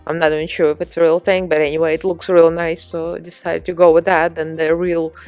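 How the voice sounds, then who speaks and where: A woman with a slightly low voice talks through her makeup work in a relaxed vlog style. She rambles from one thought to the next and teases herself along the way. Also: fairly quick, soft background music. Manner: chatty, rambling, self-mocking. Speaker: makeup artist. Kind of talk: casual vlog chat and tutorial voice-over.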